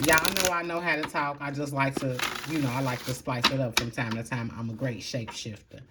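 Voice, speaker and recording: A woman doing a casual tarot reading to camera, talking bluntly in slang and swearing freely, moving between calm stretches and loud outbursts. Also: a bass voice, very noisy. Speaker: tarot reader.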